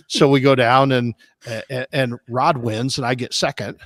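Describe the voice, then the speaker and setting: A man's voice: medium pitch, moderate pace, dry recording. A man from Des Moines, a barbecue competition cook, telling long rambling stories on a casual podcast. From Des Moines, Iowa, US. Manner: rambling, animated anecdotes with restarts.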